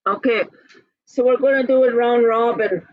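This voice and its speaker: A woman teaching a language class, breaking words into syllables and repeating them slowly and patiently. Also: fairly high pitch, fairly even intonation, no echo, muffled recording. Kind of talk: slow, patient classroom instruction.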